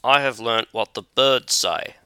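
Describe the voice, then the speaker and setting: A man reading aloud voices a fearless young man speaking calmly. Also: mid-range voice, unhurried, clear, resonant tone, no room sound.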